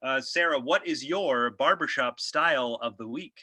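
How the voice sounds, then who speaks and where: Guy doing a slick show host, announcer-y patter, super bright tone. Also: mid-range voice, moderate pace, dry recording. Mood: showy. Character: smooth, showy male talk-show host.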